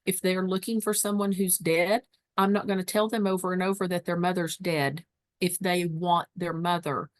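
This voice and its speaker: A woman leads a webinar lesson for caregivers in a fairly low voice. She teaches emphatically and drives points home by repeating them. The sound is close and dry. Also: steady tone, normal speed, no echo. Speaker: dementia care educator. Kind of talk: webinar presentation.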